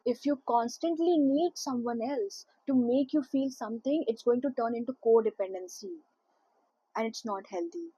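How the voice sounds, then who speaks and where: A spiritual content creator with a fairly high, slightly mellow, husky voice talks to camera about spiritual growth. She speaks earnestly to her audience, emphatic and repetitive as she stresses each point, and the recording is dry and muffled.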